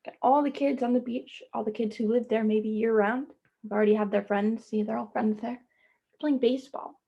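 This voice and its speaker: A woman teacher reading a children's picture book aloud, stopping to gently ask her young listeners questions. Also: a little high, steady tone, moderate pace, vocal fry, muffled recording. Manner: speaks to children as "friends".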